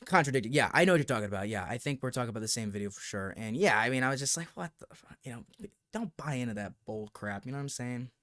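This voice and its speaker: A man hosting a casual livestream, chatting to viewers and answering their comments in an animated, talkative way with some mild swearing. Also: mid-range voice, racing. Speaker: livestream host. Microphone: desk streaming microphone.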